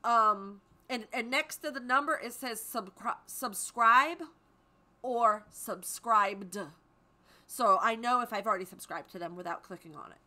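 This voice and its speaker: A woman's voice: on the high side, fairly quick, few pauses, pushed and bright. A woman hosting a live stream from home, chatting casually and greeting viewers by name. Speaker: livestream host.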